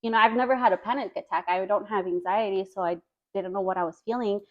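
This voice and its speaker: A woman's voice: medium pitch, steady tone, quick pace, lo-fi sound. A woman guest on a podcast telling a personal story in casual chat. She talks earnestly and fills her speech with "like" and "you know.".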